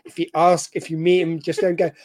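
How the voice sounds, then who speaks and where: A man's voice: fairly high pitch, flat delivery, fairly quick, a little mellow, no room sound. A British man co-hosting a podcast, chatting and joking with rambling asides. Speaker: podcast co-host. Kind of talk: casual chat.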